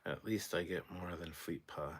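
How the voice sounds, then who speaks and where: A man's voice: moderate pace, husky. A sleep-deprived man hosting a casual late-night livestream, reading out chat and rambling in a tired, mumbling way. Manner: tired, rambling, drops to low mutters.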